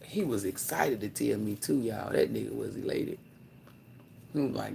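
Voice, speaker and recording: A man chatting casually on a livestream, rambling and profane, swinging between loud excited bursts and low mutters. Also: measured pace, gravelly, long pauses, a little hiss or hum. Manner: profane, slangy, laughs often. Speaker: livestream host.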